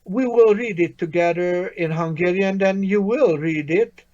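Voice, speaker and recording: A man with a fairly high voice teaches a language lesson at a slow, unhurried pace. He sounds patient and encouraging and praises his student often. The recording is a little dull and muffled. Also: a little mellow.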